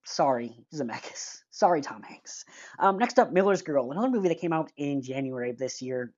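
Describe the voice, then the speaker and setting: Woman, deep voice, casual movie review, rambling, blunt, sighs, muffled recording. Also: expressive, a little fast, darkish tone.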